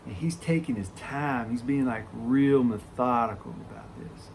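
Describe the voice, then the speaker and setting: A man telling a story from his working life in a casual, animated way, full of swearing. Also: mid-range voice, normal speed, a little hiss or hum. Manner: profane, animated raconteur.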